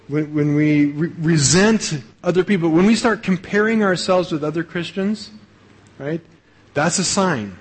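A male pastor with a husky, slightly higher voice preaches in a loose, conversational style. He keeps checking in with the listeners by tagging phrases with "right?" and stumbles into repeated starts as he goes. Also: poor audio. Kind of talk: sermon.

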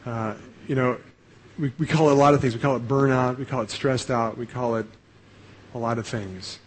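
A man's voice: mid-range voice, fairly even intonation, normal speed, slight background noise, poor audio. A male pastor giving a sermon in a conversational way, often ending phrases with "right?" and restarting sentences. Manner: conversational preaching, frequent "right?" tags and repeated starts.

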